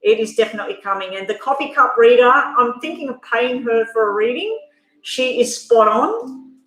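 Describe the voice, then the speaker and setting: A woman's voice: a little high, expressive, moderate pace, a bit bright. A woman hosting a live tarot reading stream, chatting candidly and emotionally to her viewers. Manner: addresses viewers directly. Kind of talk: casual live-stream chat and card reading. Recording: echoey room.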